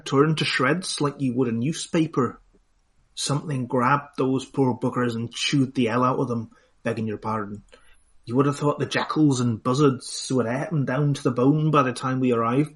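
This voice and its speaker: A man reading out a handout as a rough-spoken soldier describing a grisly scene. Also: medium pitch, lightly acted. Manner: blunt, coarse dialect grammar. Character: rough-spoken male soldier recounting a gruesome find.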